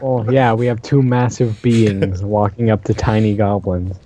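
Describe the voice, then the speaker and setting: A man's voice: lowish voice, level tone, measured pace, mellow. A man playing a tabletop game, talking in a matter-of-fact way about the rules. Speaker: player. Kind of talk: casual game chat.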